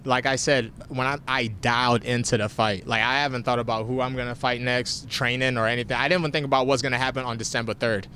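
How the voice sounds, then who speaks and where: A young man answers questions right after a fight, talking frankly and at times with a catch in his voice. His voice sits in a middle pitch. A faint rumble runs under the recording. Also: steady tone, fast talker, few pauses, bright, forceful tone. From family from Nigeria. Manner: candid, emotional, gets choked up. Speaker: fighter interviewed after a win. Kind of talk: post-fight interview.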